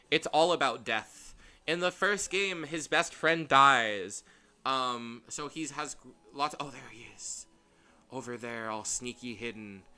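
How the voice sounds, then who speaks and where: A man chatting through a blind game playthrough, rambling and animated as he goes off on tangents. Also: mid-range voice, smooth. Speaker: game streamer. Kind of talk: casual gameplay commentary.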